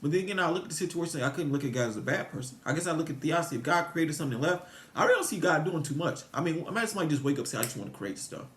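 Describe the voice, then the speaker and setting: Rambling man, quick delivery, echoey room. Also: fairly high pitch, animated, a bit bright. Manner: meandering, repetitive, frequent restarts, rhetorical questions. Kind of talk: rambling religious musing to viewers.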